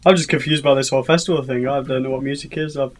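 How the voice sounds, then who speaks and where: A man's voice: medium pitch, fairly even intonation, fast talker. Laid-back man making joking asides. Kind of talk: casual podcast chat.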